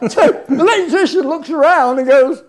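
A man's voice: very high-pitched, a little hiss or hum. A man telling stories on stage as a keynote guest, laughing often as he goes. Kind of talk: anecdotal storytelling on stage. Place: event hall on stage.

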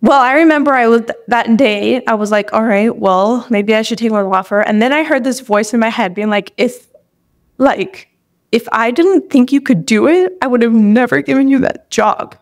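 On a podcast, a young woman tells her own story at normal speed in a voice on the high side. She's open and emotional, at moments tearful, and leans on "like" repeatedly.

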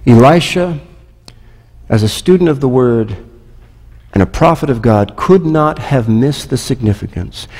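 A man's voice: mid-range voice, darkish tone, long reverb tail. A man pastor preaching a sermon, conversational, asking the listeners rhetorical questions. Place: church sanctuary.

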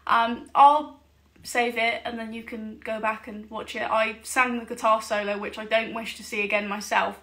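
A woman's voice: fairly high pitch, fairly even intonation, normal speed, vocal fry, bright, forceful tone. A woman singer-songwriter, chatting casually between songs from her living room, jokey and self-mocking. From England. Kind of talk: casual chat between songs at a home livestream gig.

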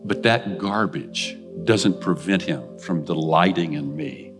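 Older man preaching, low voice. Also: slow pace, over music. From United States. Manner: earnest, confessional personal storytelling. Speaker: guest preacher. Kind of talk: sermon storytelling. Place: church.

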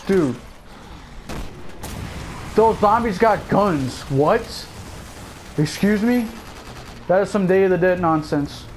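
A man's voice: sits high, slow, pauses often, slight background noise, rough recording. A man giving casual let's play commentary, cracking sarcastic jokes as he plays. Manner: joking, sarcastic running commentary. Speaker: gameplay commentator.

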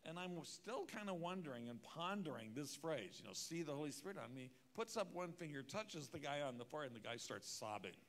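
A man's voice: a little high, sing-song, fairly quick, few pauses, fairly bright tone. A man preaching at a church conference, telling a personal story with wry, self-mocking humor. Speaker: conference speaker. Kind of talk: storytelling sermon.

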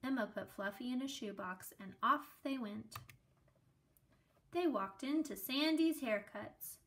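A woman reads a children's book aloud, slowly and gently, with small asides of her own. Her voice sits a little high and every line is expressive. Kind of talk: storybook read-aloud with asides.

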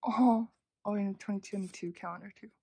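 A young woman casually narrating an unboxing, gushing with frequent gasps and soft half-whispered asides. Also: mid-range voice, fairly quick, slightly rough, no room sound. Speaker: unboxing vlogger.

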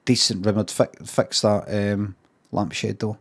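A man's voice: fairly low pitch, steady tone, unhurried, slightly rough. A Scottish man streaming, making dry, mumbling asides as he browses photos. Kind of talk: casual commentary while browsing photos.

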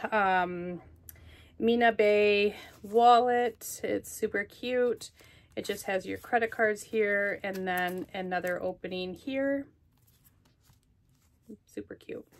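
A woman with a mid-range, slightly bright voice vlogs from home, showing off her things in a casual, gushing show-and-tell chat packed with fillers while out of breath.

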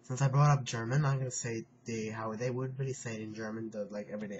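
A man teaching a phrase on his video channel, speaking slowly and carefully, repeating each phrase and clearing his throat now and then. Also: medium pitch, fairly even intonation, a little mellow. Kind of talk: casual home video lesson. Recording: dull lo-fi home recording, faint hiss.

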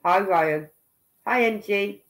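A woman's voice: medium pitch, takes it slowly, a bit bright. A woman from England with a Birmingham accent, chatting casually on a livestream and thinking aloud as she goes. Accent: Brummie (Birmingham). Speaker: livestream commentator.

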